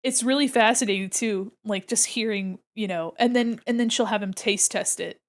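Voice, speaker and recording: While she draws on stream, a young woman talks casually with her chat, reading viewer messages aloud and giggling frequently. The streamer has a mid-range voice and speaks at normal speed.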